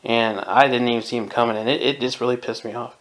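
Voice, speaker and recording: A man's voice: medium pitch, fairly even intonation, quick pace, a bit bright. A man in his twenties from Southern California, giving his opinions in a casual podcast monologue and chuckling often. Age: 20s. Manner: opinionated, chuckles often, mimics people in quotes. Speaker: podcast host.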